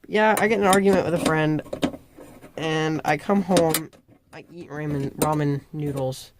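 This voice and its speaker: A woman's voice: low voice, fairly even intonation, unhurried, background noise. A woman vlogger talking to camera in a casual, rambling rant, often correcting herself. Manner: rambling, self-correcting, chatty.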